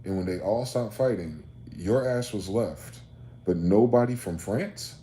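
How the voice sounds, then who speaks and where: A man's voice: on the low side, a little slow, warm tone. A man hosting a solo rant monologue, firing off rhetorical questions in a profane, combative way. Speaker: host. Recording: roomy echo, faint background noise.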